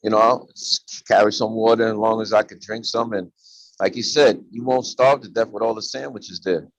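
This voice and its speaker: A man's voice: fairly low pitch, fairly even intonation, normal speed, dry recording, poor audio. A man in casual chat who rambles loosely and laughs at his own jokes.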